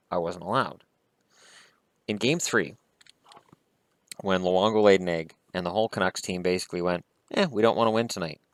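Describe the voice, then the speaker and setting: A man's voice: sits low, dry recording. A man vlogging about hockey, talking in a heated, blunt and profane way. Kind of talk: casual opinion rant.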